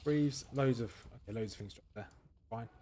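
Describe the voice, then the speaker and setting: A man's voice: medium pitch, normal speed, dark tone, slight background noise. A man giving casual commentary as he plays a game, thinking aloud and answering viewers' questions. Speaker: gaming streamer.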